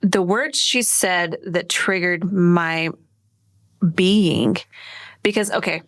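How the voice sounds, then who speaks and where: A woman's voice: on the low side, slow, dry recording. Supportive woman co-host, dry sound. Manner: affirming, encouraging listener. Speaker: podcast co-host. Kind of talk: supportive podcast conversation.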